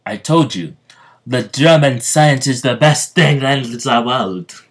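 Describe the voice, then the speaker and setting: A man voicing a boastful German male cyborg soldier, declaring things loudly and proudly. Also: fairly low pitch, animated, unhurried, husky.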